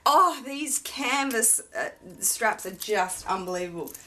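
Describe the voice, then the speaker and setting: A woman's voice: a little high, animated, measured pace, bright, forceful tone. A woman vlogger unboxing a luxury handbag, talking in a gushing, effusive way about every detail.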